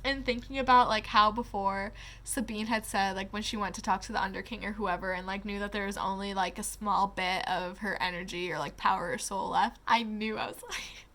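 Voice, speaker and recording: A woman's voice: medium pitch, steady tone, fairly quick, a bit bright. A young woman giving a casual book review, gushing and emotional, close to tears, with lots of "like" and casual swearing. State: tearing up.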